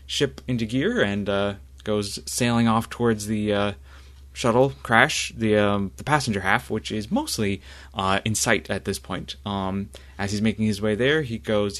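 A man narrating a tabletop game as game master, halting and full of fillers. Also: lowish voice, a bit bright.

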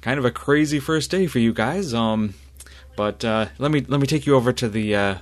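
A man's voice: mid-range voice, normal speed, voice pushed up, lightly acted. Man voicing an eager young student pilot. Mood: friendly. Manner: hesitant, many fillers.

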